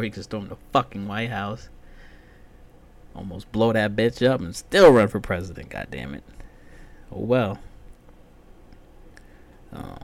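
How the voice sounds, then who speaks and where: A man's voice: on the low side, a little hiss or hum. A man hosting a casual solo podcast rant, loose, profane and rambling. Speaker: podcast host.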